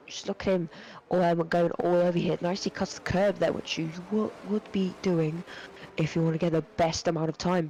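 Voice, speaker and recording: A man's voice: high-pitched, darkish tone, slight background noise, rough recording. A young man giving live sim racing commentary, rambling with lots of fillers and self-corrections. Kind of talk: live esports race commentary.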